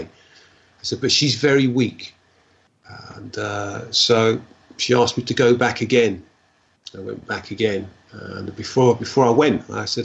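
Male guest, husky voice, stop-start storytelling, dull lo-fi sound. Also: on the low side. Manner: halting, repeats words, fillers like "like, you know". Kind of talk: personal storytelling in a conversation.

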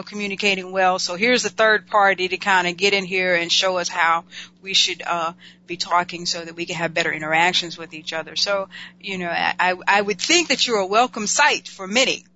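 Bright-voiced host with dull lo-fi sound. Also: medium pitch. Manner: reflective, measured questions with frequent listening sounds. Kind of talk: casual talk show conversation. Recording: dull lo-fi sound with faint hum.

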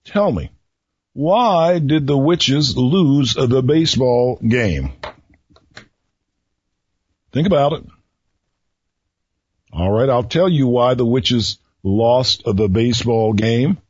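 A man hosting a radio talk show who tells riddles to his listeners slowly, repeating each one and pausing before the answer, with a folksy manner. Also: medium pitch, animated, a little mellow, husky, no echo. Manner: folksy, chuckles at his own jokes. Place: radio studio. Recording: dull lo-fi radio recording.

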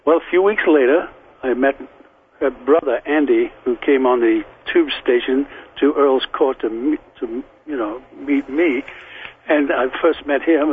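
An older man with a Liverpool accent, a guest recalling old memories at length in a rambling, anecdotal way. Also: medium pitch. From England. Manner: rambling and anecdotal, with frequent restarts. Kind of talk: telling memories in an interview. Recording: tinny phone line with faint hiss.

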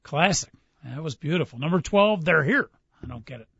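A man with a slightly high, expressive voice, creaky and a bit bright with a breathy edge, talks a little fast. Hosting a casual sports talk show, he quizzes his co-host on movie lines upbeatly, reading them aloud and laughing easily. The studio sound is dull, dry, and echo-free.

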